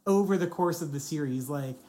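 Low-voiced woman chatting about a sitcom. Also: fairly quick, dark tone. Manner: chatty, many fillers and restarts. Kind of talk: casual chat about a TV show.

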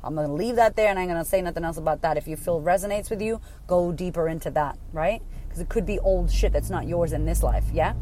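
A woman's voice: on the low side, quick pace, warm tone, a little hiss or hum. A woman in her thirties hosting a casual solo podcast as a coach, blunt and emphatic, swearing freely.

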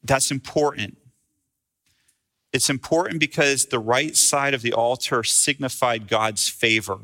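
A man's voice: mid-range voice, unhurried, pushed and bright. A male pastor preaching a sermon in a conversational, storytelling way.

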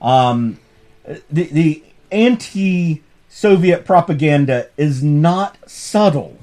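Guy prof chatting about comics on a podcast, lively up and down voice, a bit high, keeps restarting. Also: slow pace. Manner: animated, amused storytelling with frequent restarts. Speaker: professor hosting a comics course podcast. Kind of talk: casual lecture chat.

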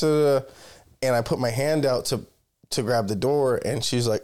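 A man's voice: mid-range voice, normal speed, a little mellow. A young man co-hosting a podcast in casual chat, rambling through stories, swearing freely and cutting himself off. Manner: rambling storyteller, swears freely, self-interrupting. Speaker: podcast co-host.

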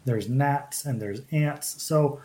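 A man hosts a relaxed podcast conversation at an ordinary pitch. He speaks haltingly, restarting phrases and pausing on fillers as he gathers his thoughts. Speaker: podcast host. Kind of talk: casual chat.

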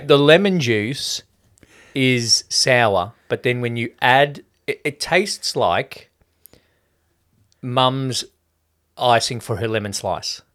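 A man's voice: mid-range voice, expressive, slow, long pauses, fairly bright tone. A man co-hosting a casual film-review podcast, talking in a loose, joking way with plenty of swearing. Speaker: podcast co-host.

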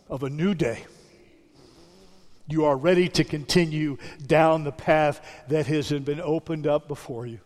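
A male pastor giving a sermon, with measured, emphatic preaching and deliberate repetition that sinks to a soft hush. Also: on the high side. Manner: dropping to a soft hush on repeated phrases. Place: church sanctuary. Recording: sermon with long hall reverb.

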